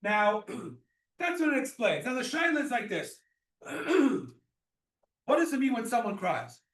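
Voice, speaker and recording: High-voiced man teaching in an echoey room. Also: sing-song, unhurried, fairly bright tone. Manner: repeats and restarts, explains with everyday examples. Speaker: rabbi teaching a class. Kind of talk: explanatory Torah class. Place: class room or synagogue. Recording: echoey room, mic far off.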